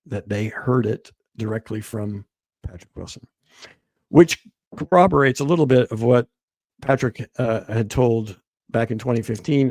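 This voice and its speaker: A man recounting events as a guest, halting and repeating words as he quotes what others told him. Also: fairly low pitch, darkish tone, no room sound. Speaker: guest author. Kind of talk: storytelling interview.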